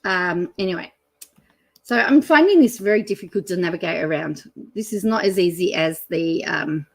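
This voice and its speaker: A middle-aged Australian woman, the host of her own channel, chatting casually and rambling as she reads out a fast-food menu, with many ums and some excited laughter. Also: fairly low pitch, gravelly, husky. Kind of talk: casual chat reading a menu aloud.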